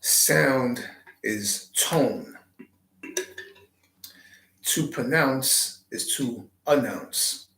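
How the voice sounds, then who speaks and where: A man hosting his channel, giving a slow, reflective spiritual talk with deliberate, drawn-out phrasing. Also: mid-range voice, sharp tone, echoey room, low-quality recording. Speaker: channel host.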